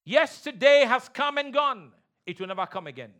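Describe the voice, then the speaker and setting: A man preaching a sermon in a church, leading call-and-response and repeating key lines, swinging between loud shouts and low, quiet emphasis. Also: lively intonation, normal speed. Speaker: pastor. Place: church sanctuary.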